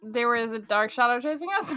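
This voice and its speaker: Woman streamer, valley girl drawl, bright voice, slightly high, faint game music behind. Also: a little fast, smooth. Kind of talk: casual gaming chat.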